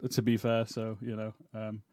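A man's voice: on the low side, completely flat delivery, normal speed, darkish tone, no echo, clean studio sound. A British man co-hosting a casual podcast, laughing often and hedging with many ums. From United Kingdom. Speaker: podcast co-host. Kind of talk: casual chat.

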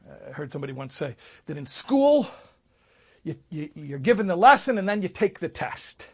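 A man, a rabbi, telling a story in a sermon, swinging from loud emphasis to hushed asides. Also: a little high, very animated, moderate pace, breathy edge.

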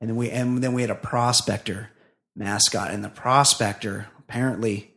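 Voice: mid-range voice, fairly even intonation, normal speed, a bit bright. A podcast co-host in casual comedy chat, telling dry, rambling jokes.

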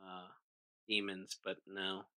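A man's voice: low voice, completely flat delivery, slow pace, pushed and bright, clean tone. A man co-hosting a comedy podcast, reading out news items in casual banter with a dry, sarcastic delivery.

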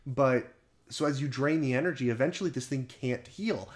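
A man co-hosting a casual podcast chat, animated, laughing often and swearing freely. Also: medium pitch, normal speed. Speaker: podcast co-host.

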